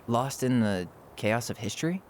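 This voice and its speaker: An actor playing an earnest, curious young man in a video game, with a soft-spoken, considerate manner. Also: medium pitch, expressive, moderate pace, slight background noise, lightly acted. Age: young adult. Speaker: game character.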